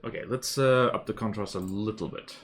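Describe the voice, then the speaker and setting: A man's voice: fairly low pitch, a little fast, fairly bright tone, slight background noise. A young adult man casually chatting while drawing on a livestream, playful, jokey and rambling.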